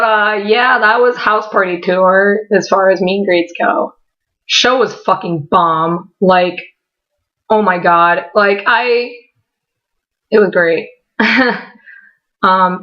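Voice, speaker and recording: Giggly, excitable young woman vlogger. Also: medium pitch, dull audio. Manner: excitable, giggly, heavy use of "like", swears casually. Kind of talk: casual storytelling vlog.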